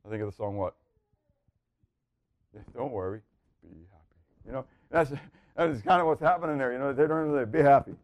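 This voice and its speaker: A man preaching a sermon, asking the room rhetorical questions and swinging from hushed, quiet lines to loud, excited ones. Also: medium pitch, brisk, pauses often, dry recording. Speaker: pastor.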